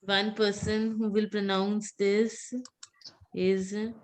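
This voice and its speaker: A woman's voice: medium pitch, level tone, slow pace, darkish tone. A woman teaching French pronunciation in a live class, patiently repeating words for students to echo and calling on them by name. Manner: calls on students by name and praises.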